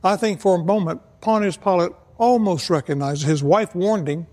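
A man preaching an evangelistic sermon, earnest and measured, slowing down to stress key words. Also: sits high, warm tone, long reverb tail. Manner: earnest, measured, slows for emphasis.

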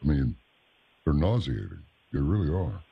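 Man hosting, extremely deep voice, raspy and gravelly, dull lo-fi audio. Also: sing-song, moderate pace. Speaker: host. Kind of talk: talk show commentary.

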